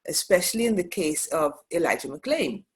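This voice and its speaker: A woman's voice: low voice, sing-song, normal speed. A woman co-hosting a podcast in casual conversation, speaking emphatically and repeating phrases for weight. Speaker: podcast co-host.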